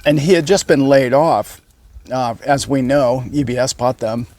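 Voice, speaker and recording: A man, a channel host, telling a story in a casual monologue that rambles, with many pauses and self-corrections. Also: mid-range voice, darkish tone. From United States. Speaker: channel host, boat captain.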